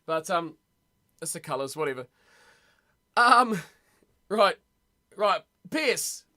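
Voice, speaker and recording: A young man rambles and reacts aloud to his chat, excitable and chatty. His voice sits high and sounds bright and lively. He talks casually, like a live streamer at home. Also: slow pace. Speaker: streamer hosting a rugby watch party. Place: home room.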